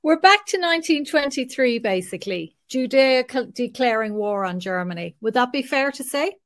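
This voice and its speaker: A woman's voice: sits high, animated, moderate pace. A woman co-hosting a casual chat who speaks hesitantly with fillers. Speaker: co-host.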